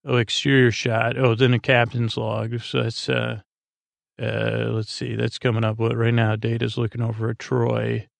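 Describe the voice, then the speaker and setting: Male host, sleepy recap read; low-key and hesitant, lots of "uh"s, gravelly texture, flat delivery. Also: no room sound. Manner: halting, filler-heavy, low-key mumbling. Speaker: podcast host. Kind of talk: casual episode recap for sleep.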